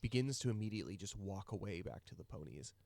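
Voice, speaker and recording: A man narrating a tabletop game as game master, in a relaxed way with many fillers. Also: fairly low pitch, fast, vocal fry.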